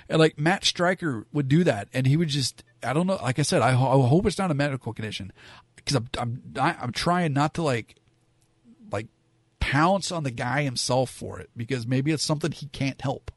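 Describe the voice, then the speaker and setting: A man's voice: a little high, moderate pace, no room sound. A man giving frank, rambling opinions in a casual monologue, full of fillers and asides. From Southern California. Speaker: wrestling commentator.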